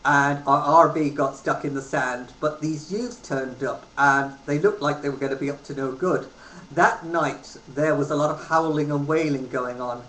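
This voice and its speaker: Man in his thirties, slightly high voice, rambling storytelling, roomy room, faint hiss. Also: fairly even intonation, normal speed, fairly bright tone. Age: 30s. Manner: rambling, with many ums. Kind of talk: casual storytelling. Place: home room. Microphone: webcam.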